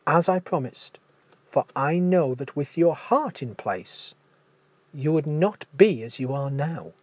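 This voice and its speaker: Brief: soft-spoken, steady young prince, slightly lifted pitch, voiced by a male narrator. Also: husky, no room sound, heavily acted. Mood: resolute. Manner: quiet, measured, firm. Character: young prince, quietly resolute boy hero.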